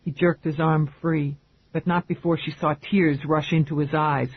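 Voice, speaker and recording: A man narrating an audiobook in a measured, even storytelling manner. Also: a little high, slightly rough, no echo. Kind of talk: scripted narration. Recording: tinny phone-like band, dry.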